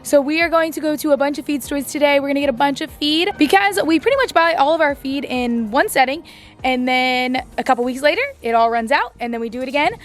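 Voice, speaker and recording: A woman's voice: high voice, quick pace. A woman vlogging casually on her farm, bubbly and chatty, talking to the camera about feeding her animals. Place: outdoors on a farm, then a feed shed.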